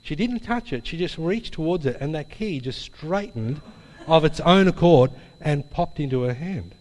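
A slightly high-voiced man delivers a sermon in a large, echoing hall, with a long reverb trailing his words. His preaching is conversational and anecdotal, full of asides and tag questions. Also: animated, moderate pace, darkish tone. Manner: chatty storytelling with tag questions. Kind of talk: sermon with a personal story.

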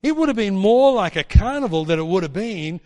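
A man preaching a sermon in a church hall, animated and mocking as he acts out quotes in put-on voices. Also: high voice, brisk. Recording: long hall reverb.

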